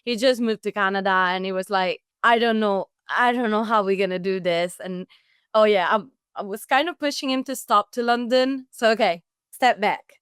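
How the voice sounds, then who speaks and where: Chatty young woman from Italy, smooth voice. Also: mid-range voice, moderate pace, a bit bright, no echo, studio quality. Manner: chatty, self-interrupting, laughs while telling. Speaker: guest. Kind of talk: casual storytelling conversation.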